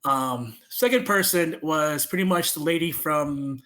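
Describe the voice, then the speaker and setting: A young adult man telling a story as a podcast guest, animated and slipping into other people's voices. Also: on the high side, unhurried. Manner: animated, acts out voices in his stories. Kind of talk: casual storytelling chat.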